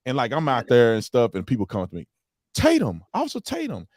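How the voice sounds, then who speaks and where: A man hosting a casual podcast chat, telling animated stories and acting out quotes loudly. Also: medium pitch, racing, dry recording, clean studio sound. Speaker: podcast host.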